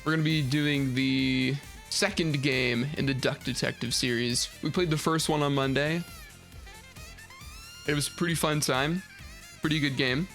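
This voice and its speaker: A man's voice: medium pitch, fairly even intonation, measured pace, gravelly, fairly bright tone, faint music behind. A young man, chatting casually as a game streamer and rambling through a story. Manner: rambling storytelling, acts out quoted voices, laughs often. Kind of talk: casual chat while gaming. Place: home streaming setup.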